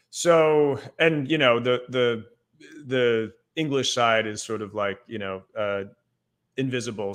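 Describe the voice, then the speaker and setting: A man's voice: on the low side, a bit bright, smooth. A young adult man from the Northeastern United States, a podcast guest explaining things in a loose, casual way full of "like".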